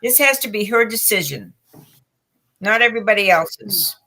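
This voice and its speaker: A woman's voice: mid-range voice, lively intonation, moderate pace, pushed and bright. A woman doing a live online tarot reading, giving direct, encouraging advice to a viewer. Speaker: tarot reader.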